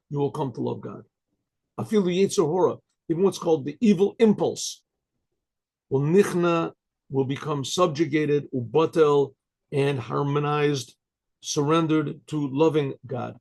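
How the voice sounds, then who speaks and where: An older man, a rabbi, giving a Torah lecture, translating Hebrew phrases into English and pausing often to ask "right?". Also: fairly high pitch, gravelly, a little mellow.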